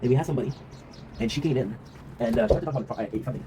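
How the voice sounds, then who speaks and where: Rapid-talking man, rambling vlog monologue. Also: mid-range voice. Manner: rambling, reflective, swears freely, often tags "right?". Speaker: vlog host. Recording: noisy ambient background.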